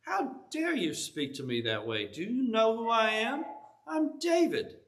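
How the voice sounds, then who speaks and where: A man's voice: high-pitched, a little fast, bright, forceful tone. A man voicing a hot-tempered young warrior leader who commands his men with indignant fury. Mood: furious.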